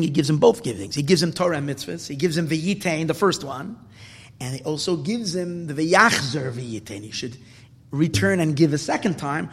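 A man teaching a Torah class as a sermon, swinging from loud emphatic bursts to hushed near-whispers. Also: a little high, slightly rough, long reverb tail.

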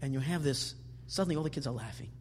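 A man giving a religious lecture, telling stories with animated, emphatic delivery that builds to forceful peaks. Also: medium pitch, fast talker, slight background noise. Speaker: Torah teacher.

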